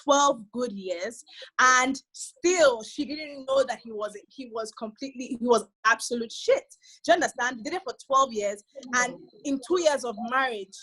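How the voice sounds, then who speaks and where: A woman's voice: high voice, a bit bright, slightly rough, rough recording. A woman with a Nigerian accent, a guest on a casual panel, talking earnestly and emphatically. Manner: earnest, emphatic, often asks "do you understand?".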